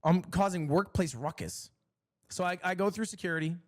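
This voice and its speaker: A young man streamer telling a long, exasperated story in a casual, swearing, animated way. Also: sits high, normal speed.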